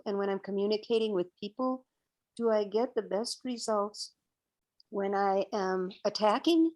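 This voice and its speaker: A woman in her sixties, a guest on an interview podcast, telling a personal story in an animated way and acting out her own past outbursts. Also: medium pitch. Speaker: interview guest, vegan educator.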